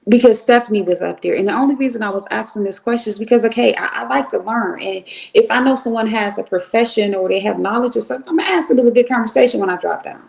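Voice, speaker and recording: A middle-aged woman from Cleveland giving blunt, profane, animated commentary on a livestream. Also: a little high, fast talker, gravelly, hardly any pauses. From Cleveland, Ohio.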